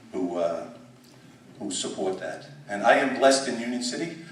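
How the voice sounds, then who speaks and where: A man's voice: on the low side, slight background noise. A middle-aged man, a school superintendent, giving an emphatic symposium speech, full of fillers and repeated words. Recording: echoey hall, distant mic.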